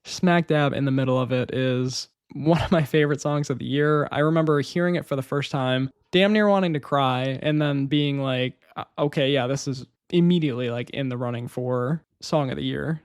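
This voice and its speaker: A young man talks through his favorite records in a relaxed solo podcast. He rambles eagerly, laughs easily and leans on filler words. His mid-pitched voice sounds close and dry. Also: clean tone, no echo. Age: young adult. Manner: enthusiastic, rambling, laughs often, uses "like" and "man". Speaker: podcast host. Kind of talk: casual solo music review podcast.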